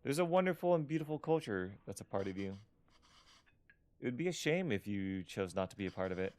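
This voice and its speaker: A man voices a devoted middle-aged mother who won't let go, earnest and softly pleading, her voice rising and falling lively from line to line. She reads like a story game's heartfelt parent. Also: on the low side, a little fast, voice pushed down. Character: caring middle-aged immigrant mother, gentle but stubborn. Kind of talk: reading game dialogue aloud.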